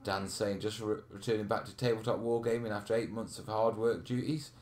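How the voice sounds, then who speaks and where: A man's voice: lowish voice, steady tone, brisk, a little mellow. A man hosting a live question stream, chatting casually, laughing and reading out viewer comments. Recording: roomy echo.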